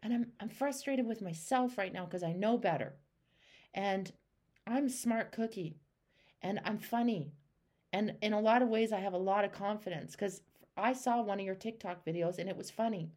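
A woman hosts a one-on-one coaching call in a voice of middling pitch. She talks emphatically, acting out the inner voices of the people she coaches, and swears casually. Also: normal speed, a little mellow. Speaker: life coach and show host.

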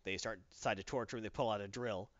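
A man in casual chat, animatedly retelling a comic plot and slipping into quick character voices. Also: on the low side, fairly even intonation, a bit bright, dry recording, muffled recording.

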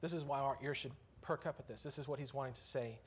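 A man's voice: mid-range voice, quick pace, slight background noise. A man preaching a sermon in church, earnest and conversational, lifting his voice on key phrases.

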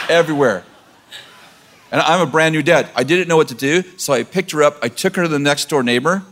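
A man's voice: fairly high pitch, moderate pace, very noisy. A man telling family stories in casual chat, joking and chuckling as he talks. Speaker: husband and father joining the story.

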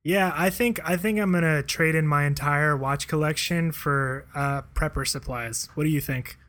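A man chatting on a podcast in a slightly raised pitch. He stays laid-back, cracks dry jokes and laughs often. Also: moderate pace, fairly bright tone. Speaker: podcast co-host. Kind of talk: casual chat.

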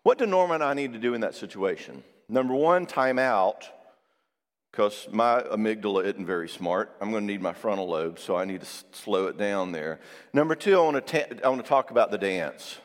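A middle-aged man giving a sermon on marriage, acting out quotes with lively storytelling and checking in with his listeners. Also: fairly low pitch, fairly quick. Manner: animated storytelling with acted-out quotes; engages audience with frequent "all right?" asides. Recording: long hall reverb.

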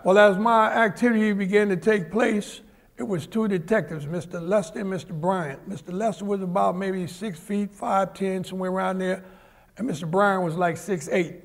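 An older man tells stories as a guest on an auditorium stage and gives the people in his stories their own voices. His voice sits high and carries a gravelly edge. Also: fairly even intonation, normal speed. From Harlem, New York. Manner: vivid anecdotal storyteller, acts out the people in his stories. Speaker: guest, former Olympic sprinter. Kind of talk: storytelling on stage. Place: large auditorium, live event.

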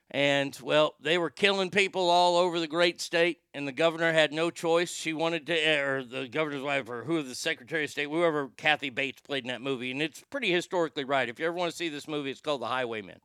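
A man's voice: on the high side, fairly quick, pushed and bright, clear, resonant tone, no echo, studio quality. A man hosting a show, giving a brash, profane, rambling opinion monologue.

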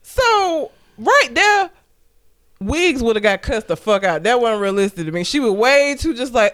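Woman on a podcast going through a movie plot, smooth clear voice, swears a lot, gets really into the retelling. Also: fairly high pitch, measured pace. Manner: animated storyteller, profane, dramatic retelling. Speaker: podcast co-host. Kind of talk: casual movie recap chat.

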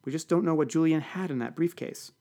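A man voicing a sharp, condescending female diplomat who speaks in a cool, clipped way. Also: on the high side, a little fast, voice pushed up, close to an everyday voice. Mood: persuasive.

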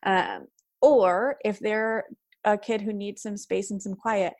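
Gravelly-voiced woman giving parenting advice. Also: mid-range voice, fairly even intonation, slow, darkish tone, no room sound, clean studio sound. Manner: chatty, frequent "like" and "right?" fillers. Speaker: parenting educator guest. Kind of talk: casual conversational advice.

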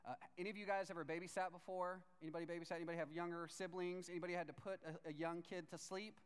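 A man in his thirties preaching a sermon as a pastor, lively and conversational, acting out voices as he tells the story. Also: sits high, very fast, clear, resonant tone. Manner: animated, acts out voices while reading scripture. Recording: long reverb of a large hall.

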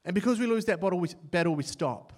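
Fast, high-pitched and full of lively intonation, a young New Zealander delivers a sermon drawn from his personal story. He mocks himself for laughs and alternates between loudness and hushed tones while voicing his thoughts.

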